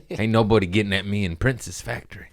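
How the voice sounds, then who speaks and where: Young male comedian host, lowish voice, loose crude storytelling, laughs at own bits. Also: lively intonation, normal speed. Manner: rambling, crude, laughs at his own jokes. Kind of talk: casual comedic monologue.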